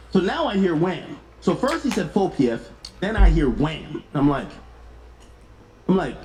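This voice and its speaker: A man telling a story in an excitable way, acting out the lines of others with sudden jumps in pitch. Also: moderate pace, roomy sound, low-quality recording. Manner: excitable, acts out dialogue with sharp jumps in pitch. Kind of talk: animated storytelling on a clip.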